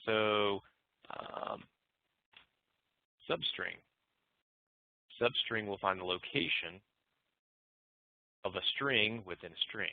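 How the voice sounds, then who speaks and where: A man teaching programming in a recorded lecture, relaxed and thinking aloud as he walks through code. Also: fairly low pitch, slow pace, creaky, long pauses. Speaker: programming instructor. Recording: muffled phone-like dry audio.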